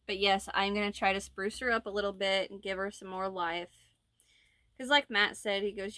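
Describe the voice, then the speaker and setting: A woman's voice: mid-range voice, fairly even intonation, moderate pace, sharp tone, no echo. A woman chatting casually to camera as a crochet vlogger, rambling and laughing easily. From United States. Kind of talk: casual chat.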